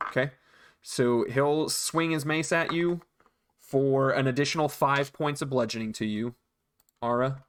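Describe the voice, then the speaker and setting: A man narrating as dungeon master, relaxed, with frequent ums and restarts. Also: medium pitch, measured pace, clear, resonant tone. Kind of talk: narrating a tabletop game.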